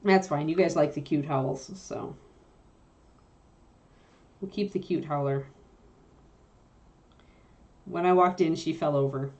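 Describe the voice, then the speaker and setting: A woman's voice: low voice, slow pace, long pauses, darkish tone, highs cut off. A woman hosting a casual livestream, chatty and easygoing, who breaks off now and then to talk to her dog. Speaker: livestream host.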